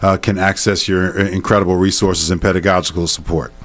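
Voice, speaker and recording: Low-voiced male radio talk host. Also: flat delivery, fairly bright tone. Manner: measured, polite, with many backchannel hums.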